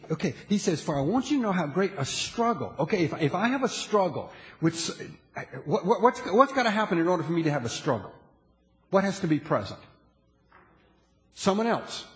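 A man preaching a sermon as a pastor, animated, often checking in with the audience and restarting his phrases. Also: high voice. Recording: long hall reverb.

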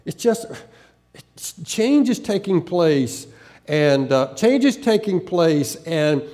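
Pastor, male, faded Southern accent, slightly high voice; earnest, stop-start sermon delivery. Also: sing-song, dark tone. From American South. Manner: halting, many restarts and repeated words; earnest, with occasional laughter.

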